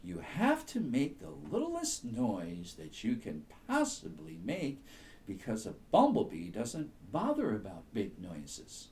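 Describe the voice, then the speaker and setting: A wise old groundhog in a bedtime story, as a man reads him out. He talks gently and confidingly, with sudden high leaps in his voice. The tone is warm and mellow, and he speaks slowly. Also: huge pitch swings, slight background noise, full character voice. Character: wise old male groundhog, calm and kindly.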